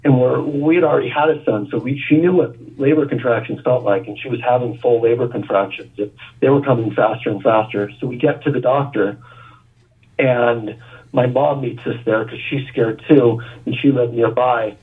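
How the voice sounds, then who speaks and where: A man on a call-in radio show tells a painful personal story in a halting way, stumbling and repeating words. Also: medium pitch, breathy edge. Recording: tinny phone line on radio.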